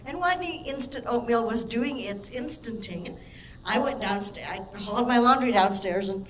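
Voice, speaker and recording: A woman's voice: on the high side, rough recording. A woman giving a short impromptu talk at a speaking practice meetup, wry and rambling. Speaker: workshop participant. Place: meetup room.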